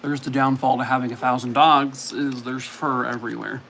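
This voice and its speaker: A man's voice: mid-range voice, level tone, normal speed, vocal fry, fairly bright tone, a little hiss or hum, poor audio. Chatty man streaming from home. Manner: chatty, coos at his dog. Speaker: streamer host. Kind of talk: casual live-stream chat.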